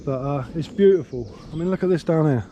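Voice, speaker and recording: A man's voice: fairly high pitch, a little fast, mellow, highs cut off. Chatty English man walking in woods. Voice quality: slight slurring from a missing tooth. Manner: chatty, rambling, easygoing. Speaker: vlogger. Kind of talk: casual outdoor vlog. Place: woodland outdoors. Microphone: handheld camera. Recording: faint outdoor noise, birdsong.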